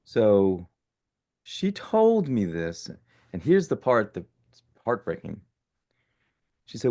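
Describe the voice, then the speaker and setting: Podcast guest, man in his 60s, low gravelly voice, lively storyteller who restarts sentences. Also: takes it slowly, long pauses. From born in Italy, raised in the United States. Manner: animated, self-correcting storyteller. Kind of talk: casual storytelling interview.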